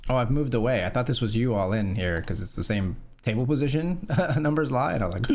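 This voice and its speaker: A man's voice: mid-range voice, normal speed. A man streaming poker, talking casually through hands in a rambling way, full of fillers and swearing. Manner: rambling, filler-heavy, profane; excitable when winning. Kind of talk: casual live-stream commentary.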